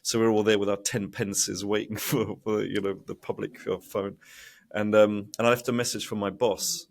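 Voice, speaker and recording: A man speaking as a guest in a podcast interview, telling his story with animated delivery and acted-out quoted voices. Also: fairly low pitch, moderate pace, vocal fry. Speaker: guest, investment educator.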